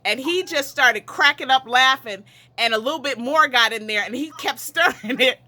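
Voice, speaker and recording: A woman's voice: high voice, normal speed, sharp tone. A woman telling family stories in a casual, rambling way on a video call from home, often laughing and wandering off on side tracks. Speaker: relative sharing memories at a memorial. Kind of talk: casual storytelling.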